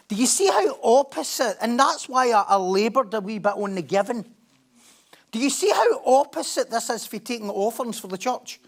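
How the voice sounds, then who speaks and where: A man's voice: sits high, brisk. A middle-aged male pastor preaching a conversational sermon, joking, asking his listeners questions and reading scripture aloud. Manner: chatty, humorous, asks the congregation questions; animated storytelling, laughs at himself.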